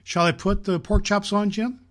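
A man reading the part of a loving young wife, earnest and pleading, in his own slightly high voice. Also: fairly even intonation, normal speed, close to an everyday voice.

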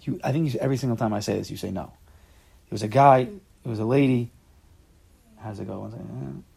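A man leading an informal Torah class, animated and acting out quotes with sudden loud jumps in his voice. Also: lowish voice, a little fast, creaky, husky.

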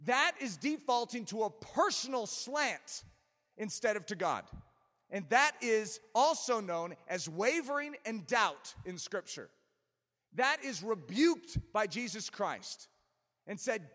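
A man preaching in a church sanctuary, his fairly high voice swinging widely as he presses each point home. He mixes fervent emphasis with wry, self-mocking asides. A long reverb from the big hall trails behind every phrase. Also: slow pace. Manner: emphatic, animated preaching with self-deprecating humor. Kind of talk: sermon.

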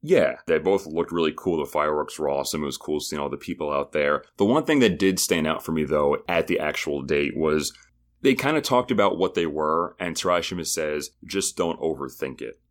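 A man with a very low voice co-hosts a podcast. He recaps episodes in a loose, chatty way and jokes along as he goes. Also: expressive. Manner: chatty, joking, does quick impressions of people. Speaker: podcast co-host. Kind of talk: casual recap chat.

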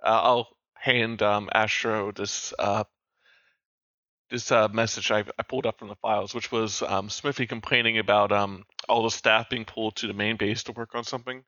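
A man playing a tabletop game, talking casually and halting with restarts. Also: on the low side, steady tone, bright, forceful tone, no echo, muffled recording. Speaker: player.

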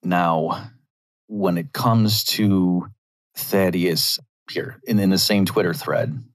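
A man's voice: sits low, takes it slowly. A man talking through a commentary monologue, arguing his point with rhetorical asides.

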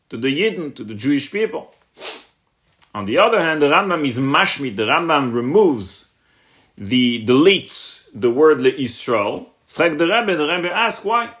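A rabbi teaching a text-based class in English, mixing in Hebrew and Yiddish terms and translating each one, with many restarts and repeated words. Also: male voice, a bit bright. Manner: rises sharply in pitch when voicing the questions. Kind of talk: Torah lesson on a text.

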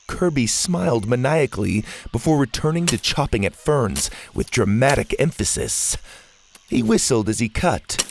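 Lively, gravelly man narrating. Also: mid-range voice, moderate pace, a little hiss or hum. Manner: expressive, lively storyteller. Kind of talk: children's audio story narration.

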